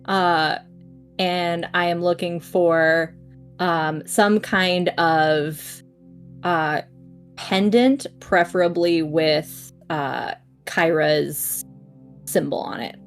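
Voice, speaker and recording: A woman's voice: on the low side, fairly even intonation, very slow, faint music behind. A woman playing in a tabletop game, talking casually and playfully. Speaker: player.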